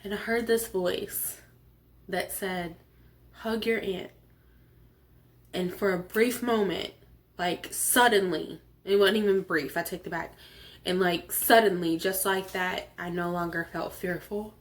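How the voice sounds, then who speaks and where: A woman hosting her own show and telling a personal story with a sore throat, animated, laughing often and acting out the voices of the people she quotes. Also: on the low side, a little slow. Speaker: host.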